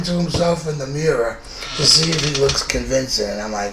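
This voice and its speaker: This New York-accented man in his fifties speaks in a mid-range, expressive voice that's bright and forceful, moving fairly quickly. He tells a true story in a blunt, conversational way full of profanity, recorded in a roomy room with faint noise.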